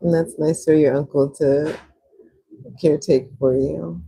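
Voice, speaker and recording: A young woman hosting a livestream, chatting casually while swatching watercolors and answering viewers' comments, with animated jumps into high excitement. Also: unhurried, creaky, a little hiss or hum, poor audio. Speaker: livestream host.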